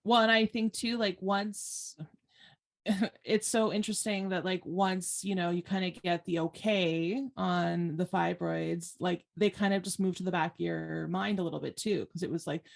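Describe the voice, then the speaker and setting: A woman's voice: lowish voice, steady tone, normal speed, gravelly. A woman co-hosting a podcast who listens supportively and talks in a hesitant, filler-heavy way. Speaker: podcast co-host. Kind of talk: casual chat.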